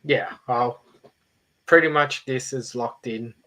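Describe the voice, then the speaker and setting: A man's voice: medium pitch, slow, bright, forceful tone. A man hosting a casual livestream, easygoing with short replies. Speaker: livestream host. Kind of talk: casual chat.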